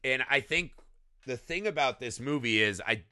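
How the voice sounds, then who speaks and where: Man, podcast co-host, casual film talk, profane, animated, dry close sound. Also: medium pitch, normal speed, dry recording. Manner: profane, animated retelling of scenes.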